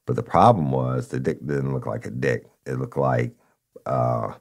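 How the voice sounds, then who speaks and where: A man's voice: very deep voice, unhurried, gravelly. A man casually telling a story from his police days, acting out the people involved and often saying "y'all". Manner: animated retelling, acts out voices, says "y'all". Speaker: podcast host, former police officer.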